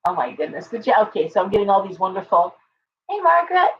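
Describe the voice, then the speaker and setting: With a muffled recording and slight background noise, a woman speaks quickly at a medium pitch while running her tarot livestream. She reads viewers' comments out loud, rambling earnestly with frequent fillers and restarts.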